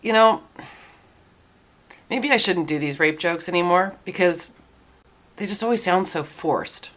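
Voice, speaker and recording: A woman host telling rapid-fire dark one-liner jokes in a deadpan delivery. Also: lowish voice.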